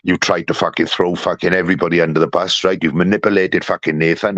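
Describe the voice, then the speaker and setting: A man ranting angrily and profanely to his live-stream community, jumping between loud outbursts and low mutters. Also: fast talker, few pauses, no room sound, highs cut off. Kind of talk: angry live-stream rant.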